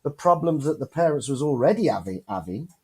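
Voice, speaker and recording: A man's voice: a little high, fairly quick, slightly rough. A man co-hosting a casual chat show, telling stories and swearing constantly. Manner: swears constantly, animated storyteller. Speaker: podcast co-host.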